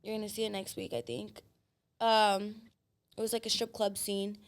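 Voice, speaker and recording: A woman guest on a podcast, telling her story in a blunt, profane and animated way. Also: mid-range voice, moderate pace. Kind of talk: casual storytelling chat.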